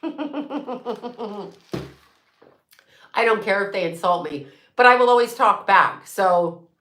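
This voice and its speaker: A woman's voice: mid-range voice, expressive, slow pace, bright, forceful tone, reverberant, slight background noise. A woman host ranting in a blunt, profane, sarcastic way, laughing often as she chats to her viewers. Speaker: psychic medium host. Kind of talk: casual live-stream rant.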